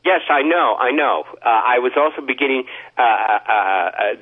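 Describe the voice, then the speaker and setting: Male caller, halting rambler, heavy stammer and fillers, tinny phone-line sound. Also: mid-range voice, lively intonation. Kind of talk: rambling phone call to a talk show.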